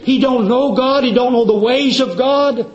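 Brief: male preacher, high voice, emphatic and repetitive sermon delivery, dull lo-fi sound. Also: normal speed. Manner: emphatic, repetitive, drops to quiet intensity. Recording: dull lo-fi recording.

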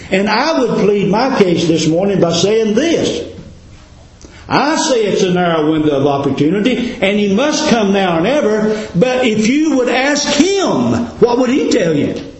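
Echoing high-voiced male preacher. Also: big pitch swings, measured pace. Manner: dramatic preaching cadence, rhetorical questions. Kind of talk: sermon. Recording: very echoey room.

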